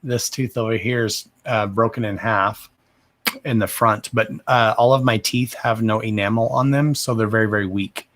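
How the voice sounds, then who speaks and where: A man in his thirties with a somewhat low voice who mumbles his words. He talks in a loose, rambling, foul-mouthed way, like someone chatting live to viewers while reading cards. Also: fairly even intonation, normal speed, fairly bright tone. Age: 30s. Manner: profane, rambling and self-deprecating. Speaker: card reader. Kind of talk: casual livestream chat.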